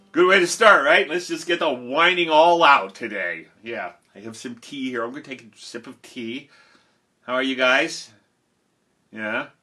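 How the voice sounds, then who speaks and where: A man's voice: a little high, bright, forceful tone. A man who sings and tells stories for children, chatting playfully on a home live stream and coaxing his listeners to join in. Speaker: children's singer and storyteller. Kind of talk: casual live-stream chat to a young audience. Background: guitar playing.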